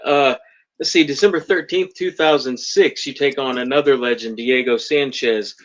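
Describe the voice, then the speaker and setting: A man's voice: medium pitch, moderate pace. A man hosting a podcast interview, asking questions in a friendly, easygoing way and laughing often. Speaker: podcast host.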